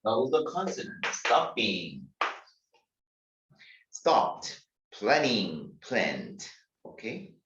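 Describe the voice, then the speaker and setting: Male English teacher, Korean accent, slow and deliberate, spells words letter by letter; distant echoey lo-fi room sound. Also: lowish voice, fairly bright tone. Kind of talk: grammar lecture.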